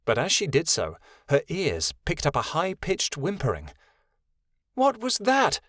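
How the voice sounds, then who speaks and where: A man reading a fantasy audiobook as narrator, in a steady, measured way. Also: fairly high pitch, breathy edge, dry recording, studio quality. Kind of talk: scripted narration.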